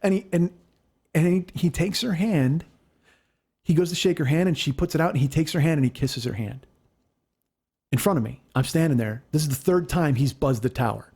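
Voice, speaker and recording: A middle-aged man with a slightly higher voice, spinning a long story in a relaxed, unscripted way. He swears freely and slips into the voices of the people he quotes, keeping the telling animated. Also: normal speed, husky. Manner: animated, profane, acts out quotes. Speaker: comedian podcast host. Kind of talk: casual storytelling.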